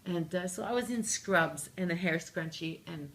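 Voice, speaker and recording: Gravelly-voiced woman telling a funny story. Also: on the low side, moderate pace. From Canada. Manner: animated, jokey, acts out her own lines. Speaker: interview guest, singer-songwriter. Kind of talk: casual storytelling interview.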